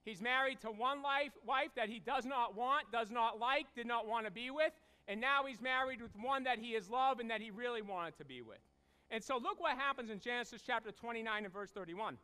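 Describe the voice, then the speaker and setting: High-pitched, bright-voiced male preacher. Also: a little fast, clear, resonant tone. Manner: animated storytelling, acting out voices. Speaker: pastor. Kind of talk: sermon. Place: church sanctuary.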